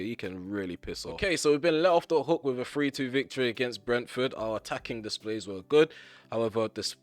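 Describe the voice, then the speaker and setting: Hoarse, ranting young man commentating gameplay. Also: fairly low pitch, no room sound. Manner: frustrated, ranting, blunt with mild swearing. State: voice getting hoarse. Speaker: gaming YouTuber.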